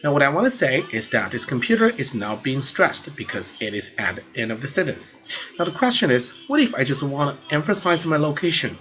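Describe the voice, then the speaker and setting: With a medium-pitched, sing-song voice, a male language teacher talks through a grammar lesson fairly quickly and brightly, often saying words again as he explains. There's slight background noise, plus faint music under a dull, lo-fi recording.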